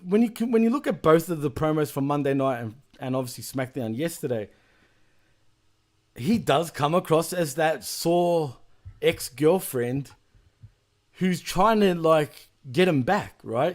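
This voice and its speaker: A man's voice: on the high side, expressive, moderate pace. A man hosting a casual wrestling podcast, chatty and rambling, with frequent laughs. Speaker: podcast host.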